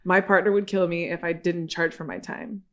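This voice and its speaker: A woman guest on a podcast, telling a story in a lively, casual way and acting out the voices of the people in it. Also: fairly low pitch, moderate pace. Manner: animated storyteller acting out quoted dialogue; swears casually, laughs while telling.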